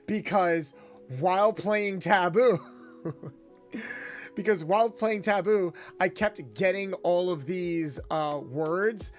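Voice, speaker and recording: A man's voice: high voice, takes it slowly, soft background music. A young man chatting casually with viewers on a livestream, playing up a friendly garage mechanic persona. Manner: chatty, animated, in-character garage mechanic patter. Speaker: VTuber streamer.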